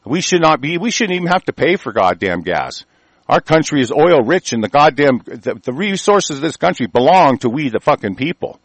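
A man's voice: on the high side, very animated, fairly quick, no echo. A man ranting on air, angry and profane, rambling with many restarts. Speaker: host reading and ranting on air.

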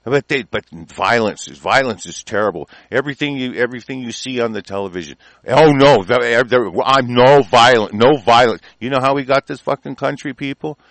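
A man's voice: medium pitch, moderate pace, hardly any pauses, fairly bright tone, no room sound. A man from the United States delivering an angry political rant, profane and combative throughout.

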